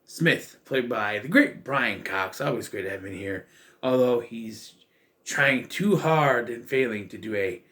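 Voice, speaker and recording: A man's voice: medium pitch, lively intonation, a little slow, fairly bright tone. A man giving a casual spoken film review, rambling with fillers and restarts, wry and sarcastic. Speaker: movie reviewer.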